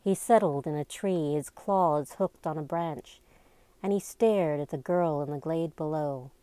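A woman narrating a novel aloud, slow and deliberate in her storybook reading. Her voice is mellow and slightly low. The sound is close and dry, with no echo. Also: clear, resonant tone. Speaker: amateur reader.

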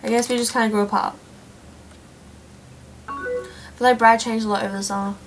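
A woman's voice: fairly high pitch, little pitch movement, moderate pace, faint music behind, natural voice, rough recording. A woman reading a game character's chat messages aloud, a young woman talking things over after a breakup. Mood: quiet.

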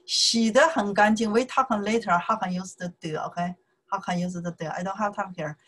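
A woman with a Chinese accent, a native Chinese speaker, teaching a casual language lesson in slow, repetitive steps and checking "okay?" after each point. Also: mid-range voice, fairly bright tone, low-quality recording. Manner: slow, repeats words, says okay often.

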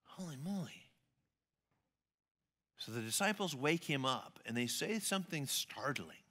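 A man preaching a sermon in a church, telling a story with animated, acted-out voices. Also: medium pitch, normal speed. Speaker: pastor.

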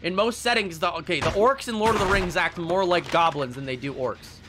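A man's voice: sits high, brisk, background noise. A young man streaming a game live, casually ranting and swearing, laughing at himself between rants. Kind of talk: casual live-stream chat while gaming.

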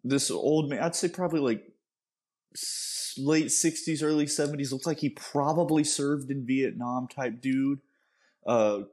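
A podcast co-host with a mid-range voice speaks unhurriedly in casual chat. He's an animated storyteller who tells stories and makes dry jokes.

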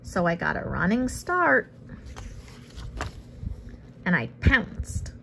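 A woman reads a picture book aloud and tosses in relaxed, casual asides between pages. Her voice is gravelly and sits at a middling pitch, with faint noise in the background. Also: slow. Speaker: storybook reader.

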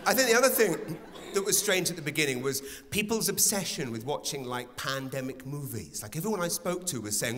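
A man performing stand-up, his voice bright and ringing with lively swings in pitch. He talks animatedly, swears freely and slips into quick acted-out exchanges. The sound carries the long reverb of a large theatre, with a faint audience murmur behind. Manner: animated, profane, acts out dialogue. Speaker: stand-up comedian. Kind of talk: stand-up comedy set.

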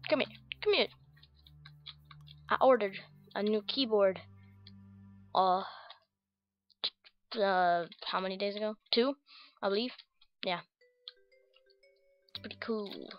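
An American woman rambles through casual game commentary, goofy and full of fillers. Her voice sits at an ordinary middle pitch, with faint music playing underneath. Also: slow, pauses often, no echo, highs cut off. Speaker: gaming channel host. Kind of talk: casual Minecraft gameplay commentary.

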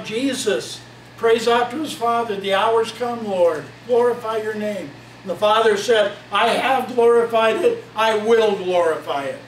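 Male preacher, very high register, fervent scripture-heavy delivery, distant mic. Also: fairly bright tone, a little hiss or hum. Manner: fervent, quotes scripture at length. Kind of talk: sermon. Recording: echoey room, mic at a distance.

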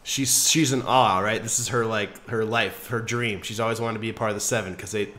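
Guy hosting a podcast, swears a lot, animated storytelling, all the likes. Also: on the low side, a little fast. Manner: animated storytelling, profane, many fillers. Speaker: podcast host. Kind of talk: casual podcast chat.

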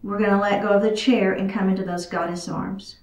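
A woman leads a chair yoga class, chatting and cheering people on as she moves through the poses, slightly out of breath. Her voice is medium in pitch with a level tone and a somewhat quick pace. The room is echoey and she's far from the mic.

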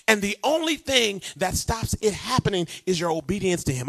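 A man preaching a sermon, animated and conversational, drawing responses from the congregation. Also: a little high, a little fast, gravelly, few pauses. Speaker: pastor.

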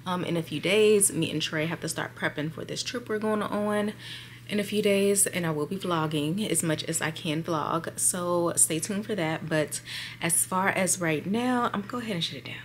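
A woman's voice: fairly low pitch, normal speed, slight background noise. A young woman chatting casually to her camera at home, rambling and talking to viewers as y'all. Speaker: vlogger.

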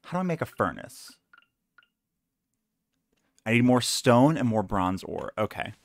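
A man's voice: mid-range voice, very animated, measured pace, gravelly, no room sound, studio quality. A young man live-streaming a game, chatting playfully and joking about himself. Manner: playful, self-mocking, chatty.

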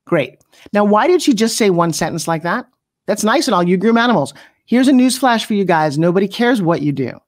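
A woman's voice: mid-range voice, animated, brisk. Woman, middle-aged, brash, punchy, motivational coach, mock voices. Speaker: pitch coach hosting an interview. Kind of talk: energetic motivational coaching talk.

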